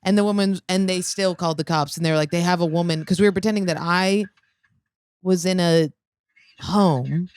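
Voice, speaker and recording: A woman's voice: fairly low pitch, fairly even intonation, moderate pace, a little mellow, smooth. A woman co-hosting a podcast, blunt and offhand in casual chat. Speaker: podcast co-host.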